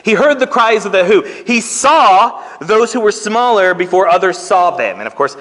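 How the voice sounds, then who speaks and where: A man, a pastor, reading a children's story aloud and then preaching, in an animated, folksy storytelling manner in a church sanctuary. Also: high voice, moderate pace, hardly any pauses. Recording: church hall reverb.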